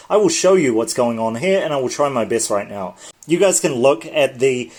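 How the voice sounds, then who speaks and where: A man of middling pitch hosts a casual livestream, walking viewers through trading charts. He sounds tired and talks loosely, often stopping to correct himself. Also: darkish tone. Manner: chatty, loose, with frequent self-corrections. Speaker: crypto trading channel host.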